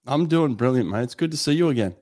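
A man, hosting a podcast and chatting relaxed and friendly with a longtime mate. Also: mid-range voice, quick pace, dry recording, clean studio sound. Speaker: podcast host. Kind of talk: casual interview chat. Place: home room in Delaware.

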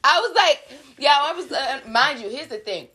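High-voiced woman telling a story animatedly. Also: normal speed. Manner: animated, laughing, swearing freely, acts out quotes. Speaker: podcast co-host. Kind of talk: casual chat, storytelling.

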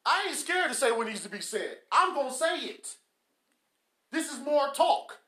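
A man's voice: very high voice, sing-song, moderate pace, pushed and bright. A man, hosting a podcast with a blunt, scolding motivational rant that mocks people with quacking. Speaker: podcast host. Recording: echoey room.

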